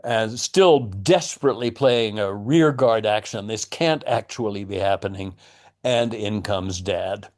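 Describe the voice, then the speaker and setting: Man, drama teacher, unhurried delivery, thoughtful, wry lecturing. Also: on the low side. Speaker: acting teacher. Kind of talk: lecture on a play with readings.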